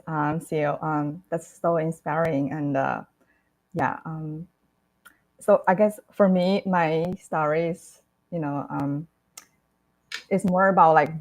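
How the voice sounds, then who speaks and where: A woman speaks on an online panel in a casual, halting way. Her voice is notably low for a woman. She fills her pauses with "um" and "like". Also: poor audio. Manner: hesitant, many "um" and "like". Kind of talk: panel talk. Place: online video call.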